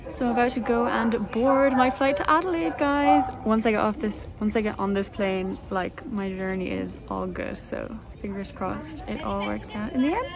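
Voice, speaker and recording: A woman's voice: medium pitch, normal speed, few pauses. A young woman chatting casually to her phone camera while travelling, rambling and laughing at herself, worn out from a long journey. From Ireland. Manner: chatty, rambling, self-mocking. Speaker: vlogger. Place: airport room and plane cabin.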